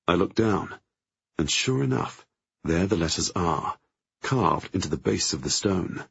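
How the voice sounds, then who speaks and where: Deep, gravelly male audiobook narrator. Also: lively intonation, unhurried, fairly bright tone, no room sound, muffled recording. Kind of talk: first-person novel narration.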